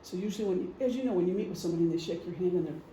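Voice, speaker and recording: High-voiced man presenting in an echoey room. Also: very fast, dark tone. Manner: conversational, explains with examples, frequent ums. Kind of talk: informal presentation to a group. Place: meeting room. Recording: echoey room, faint hum.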